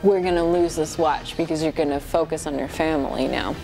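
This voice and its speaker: A woman voicing a blunt, tough male cop hero, her voice dropped a little lower. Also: brisk, dark tone, faint music behind, low-quality recording.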